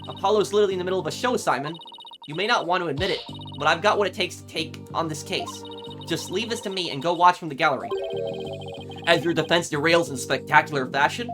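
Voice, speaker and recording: A man reading the lines of a spirited young woman defense lawyer from a video game, brisk and indignant. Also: on the high side, music in the background, natural voice.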